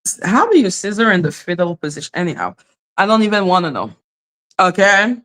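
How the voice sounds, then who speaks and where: A woman hosting a casual livestream, chatting with viewers in an animated way, laughing often and swearing freely. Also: on the low side, a little fast. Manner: animated, laughing, frequent profanity. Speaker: livestream host. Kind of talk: casual livestream chat reading comments.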